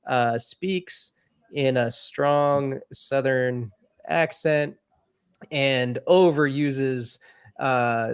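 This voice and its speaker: Man, gravelly voice, video call, casual software demo, relaxed, lots of fillers. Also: medium pitch. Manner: relaxed, thinking aloud with fillers. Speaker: developer demoing a product. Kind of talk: casual live-stream demo.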